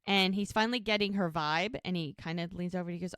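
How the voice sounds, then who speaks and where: A podcast co-host with a lowish, slightly bright, smooth voice talks fast as she casually recaps a TV episode, retelling scenes by quoting characters' dialogue. The studio-quality sound has no echo.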